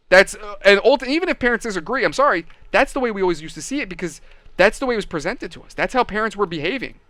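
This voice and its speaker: A man's voice: sits high, animated, quick pace, bright, forceful tone, dry recording. A man hosting a casual gaming and hobby channel, telling stories and giving opinions in a blunt, profane, mocking way. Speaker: channel host.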